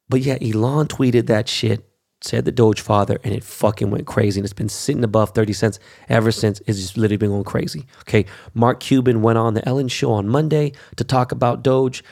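Young male host, foul-mouthed and brash, gravelly voice, ranting monologue. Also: medium pitch, darkish tone. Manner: brash, cursing constantly. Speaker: show host.

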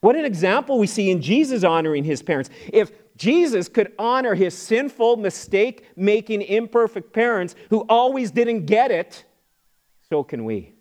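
A man's voice: high-pitched, sing-song, normal speed, a little mellow. A middle-aged man preaching a sermon as pastor, in a conversational way, often repeating words and acting out quoted voices.

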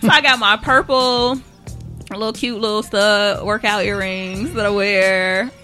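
A woman's voice: medium pitch, steady tone, a little slow, sharp tone, faint music behind. A woman co-hosting a casual chat show, talking bluntly with lots of swearing and frequent laughter. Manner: blunt, profane, laughs often. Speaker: podcast co-host.

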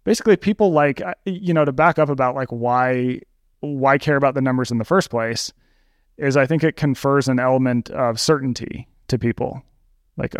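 A man explains things as an interview guest in a loose, filler-heavy way. His voice is smooth and resonant, recorded dry and close. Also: medium pitch, normal speed, no room sound. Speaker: expert guest. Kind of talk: interview answers.

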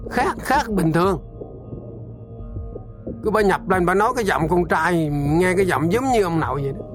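Older man from Vietnam, quick and animated. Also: high voice, music in the background. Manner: animated, repeating words as he tells it. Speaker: storyteller father. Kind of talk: retelling a family story.

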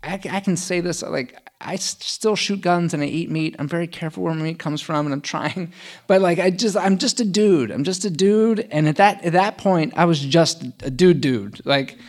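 A man's voice: a little high, normal speed. A middle-aged man telling a personal story in casual conversation, chatty with lots of fillers and self-mocking humor.

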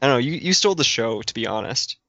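A man co-hosting a casual podcast, cracking dry, quick quips. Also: mid-range voice, expressive, bright, forceful tone, no echo. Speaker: podcast co-host. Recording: dull lo-fi podcast mic.

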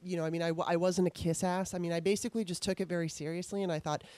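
A woman's voice: on the low side, steady tone, racing, mellow, dry recording. A middle-aged woman interviewer telling candid stories in a rambling, restarting way. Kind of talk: casual interview storytelling.

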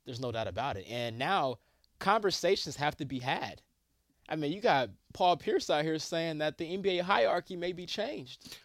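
Male sports co-host, agreeable and measured, fairly high and lively voice. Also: dry recording, clean studio sound. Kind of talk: casual sports debate.

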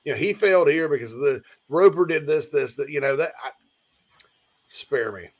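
Speaking at a moderate pace in a somewhat high voice, this man runs a relaxed sports talk live stream. He goes through viewer comments with animated rambling, though he's yawning and his attention drifts.

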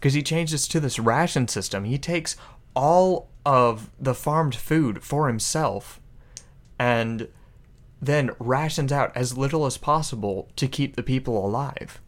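A man playing a world-weary barkeep in his forties, speaking low and conspiratorially in a tabletop game. His voice sits at an ordinary middle pitch. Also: unhurried, lightly acted. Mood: grim. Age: 40s. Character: gruff 45-year-old male barkeep in occupied town.

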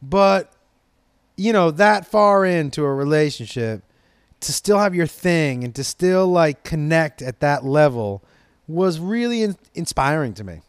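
A man from Los Angeles spins a loose, excitable story in casual talk, cursing freely and tripping over his own restarts. His voice sits a little on the high side. The sound is dry and close, with no room around it. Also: unhurried, clean tone, no room sound. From Los Angeles, USA. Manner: rambling, profane, excitable.

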